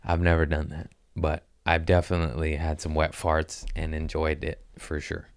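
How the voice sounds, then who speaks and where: Profane, animated man with a very low voice. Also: moderate pace, dry recording. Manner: profane, animated storyteller who acts out voices. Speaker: podcast host and comedian. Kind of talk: crude casual podcast chat.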